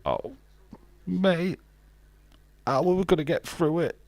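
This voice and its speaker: A man's voice: on the high side, slow, vocal fry, darkish tone, no echo. A man hosting a live wrestling watch-along, chatting casually in a sarcastic, joking way and swearing freely.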